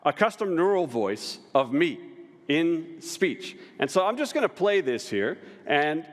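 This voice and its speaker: A man's voice: on the high side, big pitch swings, measured pace. A middle-aged man presenting a live product demo at a conference, upbeat and chatty, with casual asides, speaking into a stage microphone in a large hall. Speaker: tech executive presenting a conference session. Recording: hall with long reverb.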